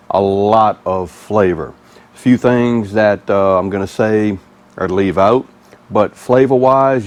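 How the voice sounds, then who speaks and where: A man's voice: lowish voice, a little mellow. A man with a Mississippi Southern accent hosting a casual cooking vlog in a folksy, easygoing, chatty way. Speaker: cooking channel host.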